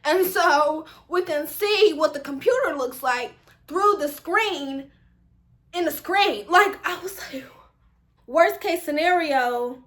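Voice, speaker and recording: A young adult woman vlogger telling a casual storytime, animated and exasperated, full of slang. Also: high voice, slow pace.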